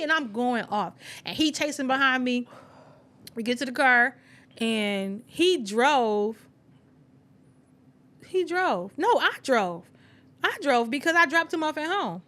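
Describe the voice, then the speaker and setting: A woman with a bright, high voice tells a messy personal story in casual podcast chat. She throws herself into each quoted line, jumping up and down in pitch as she acts out the people in it. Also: unhurried. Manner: animated storyteller acting out quotes. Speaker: podcast co-host.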